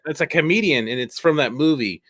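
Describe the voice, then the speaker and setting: A man's voice: a little high, fairly quick, a bit bright, dry recording. A man co-hosting a casual podcast chat, profane and rambling, with frequent laughs. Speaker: podcast co-host.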